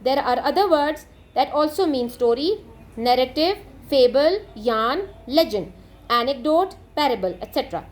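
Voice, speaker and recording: At a normal speed and in a high-sitting voice, a woman teaches a lesson from an English textbook. She reads items aloud and explains each one steadily and methodically.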